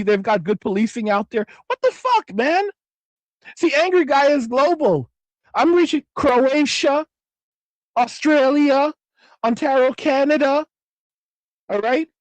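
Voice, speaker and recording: A middle-aged man with a high-pitched voice hosts a loose livestream, swearing freely and circling back over his own phrases. He reads viewer comments aloud in a casual, rambling way. The sound is dry and close, with no room around it. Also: no room sound. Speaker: livestream host reading chat. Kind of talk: casual profane livestream chat.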